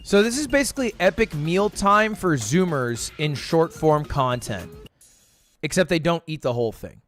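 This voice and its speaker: A young American man streaming, chatting casually and jokily, breaking into loud outbursts now and then. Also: a little high, normal speed, faint music behind. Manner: animated, jokey, swings into loud outbursts. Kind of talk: casual livestream chat.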